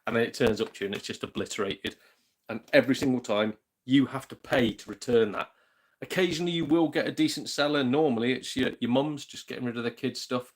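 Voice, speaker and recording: A man's voice: medium pitch, fast talker. Joking British man chatting on a stream. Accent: British English. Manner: chatty and joking, laughs often, swears mildly. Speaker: gaming channel host. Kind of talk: casual livestream chat reading viewer comments.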